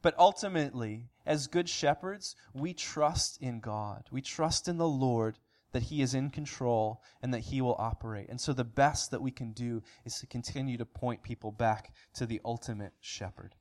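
A man's voice: mid-range voice, normal speed, darkish tone. Earnest male pastor preaching. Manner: earnest, with rhetorical questions and small restarts. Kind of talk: sermon recap.

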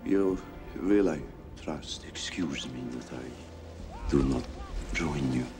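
A man's voice: vocal fry, music in the background, heavily acted. An actor playing an ancient courtly male vampire count in a film clip, formal and menacing. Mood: cold courtesy. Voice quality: slow, deep, formal and menacing.

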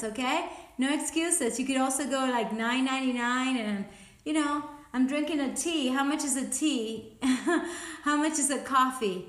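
High-voiced woman coaching herself, breathless. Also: moderate pace, roomy sound. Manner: upbeat, self-coaching, encouraging. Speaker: podcast host. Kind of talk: casual motivational chat while exercising.

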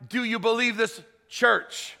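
A man preaching a sermon as pastor, telling the story with acted voices, loud shouted peaks and hushed appeals. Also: very high voice, steady tone, slow, gravelly, in a large hall. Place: church hall.

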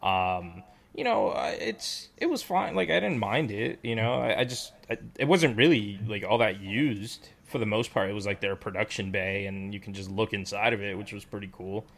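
A man's voice: fairly low pitch, expressive, moderate pace, creaky, a bit bright. A man chatting casually with friends, rambling with lots of fillers and restarts. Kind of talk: casual chat.

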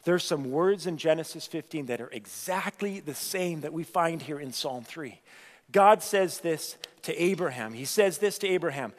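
A man's voice: a little high, animated, in a large hall. A man preaching a sermon, building emphasis through repeated phrases and dramatic quotations. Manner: slow, emphatic preaching with dramatic quotes and repetition. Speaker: pastor.

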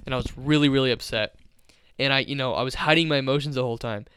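Casual young male podcast host, smooth clean tone, dry close sound, loose storyteller who swears. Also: medium pitch, quick pace, a bit bright, dry recording. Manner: rambling storyteller, swears freely. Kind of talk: casual chat.

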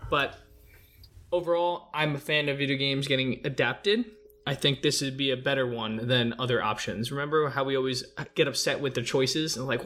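A man's voice: mid-range voice, steady tone, a little fast, bright, forceful tone. Casual, swearing male podcast co-host. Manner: loose and enthusiastic, swears casually.

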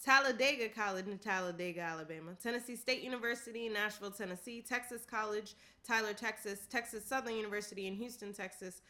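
A woman with a bright, forceful voice reads through a long list in a relaxed, casual way. She keeps a steady rhythm, laughs often, and drops in offhand asides. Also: medium pitch, quick pace, hardly any pauses. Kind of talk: casual reading of a list aloud.

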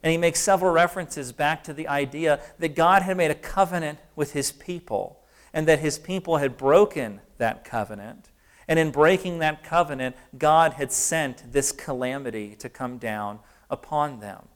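A man preaching a sermon in an earnest, emphatic way, slowing down to stress key phrases. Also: fairly high pitch, clean tone.

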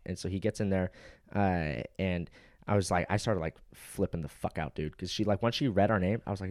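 A man's voice: low voice, a little fast, dry recording, clean studio sound. A man on a podcast telling a story casually, swearing a lot and laughing often. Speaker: podcast co-host.

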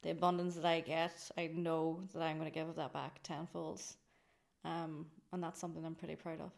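Chatty Irish-raised woman, low voice. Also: little pitch movement, normal speed, creaky. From Ireland. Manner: chatty, rambling, laughs often. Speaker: guest, drinks company founder. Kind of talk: casual interview chat.

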